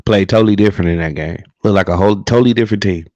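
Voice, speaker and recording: A man's voice: on the low side, racing, darkish tone, no echo, dull audio. A man co-hosting a livestream, ranting heatedly in casual talk about his team, profane and repetitive. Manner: heated, profane, repeats himself. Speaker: livestream co-host. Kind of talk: profane casual sports rant.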